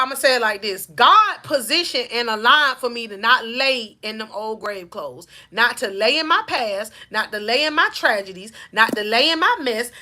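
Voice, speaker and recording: A Southern woman preaching encouragement as a life coach, her voice sitting high and ringing bright. She builds her points through rhythmic repetition and keeps calling out to her listeners. The tone is fervent, church-style exhortation. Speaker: faith-based life coach. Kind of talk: preaching-style motivational talk.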